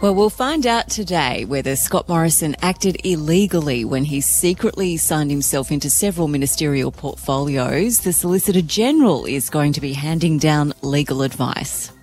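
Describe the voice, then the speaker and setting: A woman's voice: sits low, animated, moderate pace, hardly any pauses, a little mellow, soft background music. An Australian woman co-hosting a news podcast, friendly and bantering. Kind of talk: casual news podcast chat.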